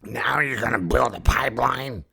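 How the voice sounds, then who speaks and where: A man voicing Mother Earth as a gruff, polluted female spirit with a raspy voice who grumbles and coughs. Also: medium pitch, moderate pace, pushed and bright, exaggerated voice. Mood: fed up. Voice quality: raspy, gravelly.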